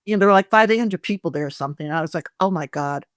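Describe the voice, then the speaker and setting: A woman's voice: medium pitch, no room sound, clean studio sound. An older woman co-hosting a casual chat, effusive and easily moved, telling anecdotes with lots of asides. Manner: emotional, effusive, quick to get choked up.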